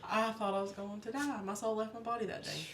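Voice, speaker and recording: A woman co-hosting a podcast, telling self-mocking stories in casual chat. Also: fast talker. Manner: animated storyteller, self-mocking. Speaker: podcast co-host. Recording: echoey room, faint rumble.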